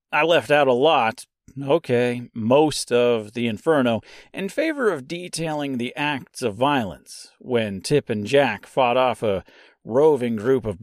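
A man hosts a casual literary podcast, wry and self-deprecating as he talks through a classic poem. His delivery is slow but lively, with a slightly high voice. The sound is dry and close. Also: dry recording. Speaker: podcast host.

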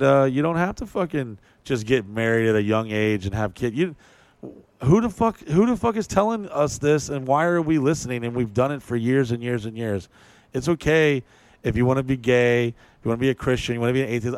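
Podcast host, male, mid-pitched, profane and emphatic, dry close mic. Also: darkish tone, no room sound. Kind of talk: casual chat.

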